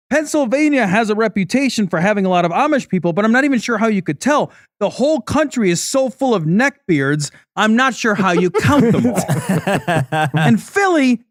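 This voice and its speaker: A man's voice: high-pitched, big pitch swings, normal speed, no echo, studio quality. A man delivering punchy, ranting roast jokes at a live comedy show.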